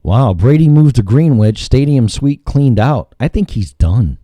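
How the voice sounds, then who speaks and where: A man's voice: medium pitch, animated, measured pace, dark tone, no echo. A male talk show host rambling through news items in a crude, ad-libbed way, humming filler sounds between lines. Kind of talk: casual ad-libbed radio talk.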